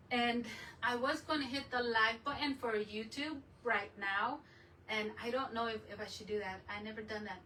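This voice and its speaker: Bright, chatty woman a bit off-mic. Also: fairly high pitch, distant mic, a little hiss or hum, poor audio. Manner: rambling, chatty, laughs often. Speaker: crafting channel host. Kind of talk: casual live chat while crafting.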